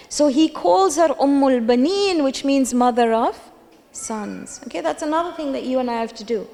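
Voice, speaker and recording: High-voiced woman preaching in a hall. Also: animated, normal speed, creaky, dark tone. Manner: emphatic, repeats key phrases. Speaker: majlis speaker. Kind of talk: religious lecture with storytelling. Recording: long hall reverb.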